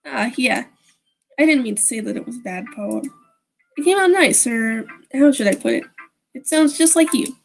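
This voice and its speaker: A woman's voice: on the high side, lively intonation, normal speed, gravelly, soft background music, low-quality recording. A woman voicing an awkward teenage boy protagonist who talks in a dry, sheepish way.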